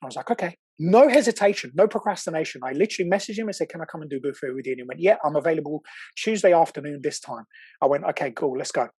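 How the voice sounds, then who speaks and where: A man, a podcast guest telling a personal story in casual chat, animated, swearing now and then and acting out what people said. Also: on the high side, very fast, slightly rough, dry recording. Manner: animated, excitable, swears, acts out quotes.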